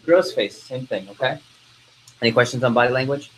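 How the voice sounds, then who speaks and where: Lively male sales trainer quizzing a class. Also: medium pitch, unhurried, long pauses, a little hiss or hum, rough recording. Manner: energetic, keeps asking the class questions. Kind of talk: interactive training talk.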